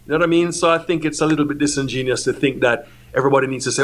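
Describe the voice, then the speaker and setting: A man's voice: medium pitch, very fast, hardly any pauses. Easygoing man filling in with "you know". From Jamaica. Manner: easygoing, peppered with "you know what I mean". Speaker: music producer guest. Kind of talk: casual interview answers.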